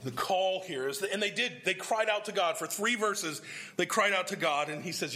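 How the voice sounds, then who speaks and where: A man's voice: high voice, normal speed, sharp tone. A man preaching a sermon, explaining scripture verse by verse and putting questions to his congregation. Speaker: pastor.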